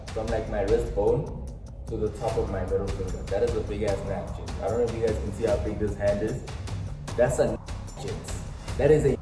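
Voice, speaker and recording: A man's voice: mid-range voice, distant mic. A young South African man telling a dramatic storytime vlog, acting out quotes and tossing slangy asides to viewers. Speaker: storytime vlogger. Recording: roomy echo, off-mic, faint music.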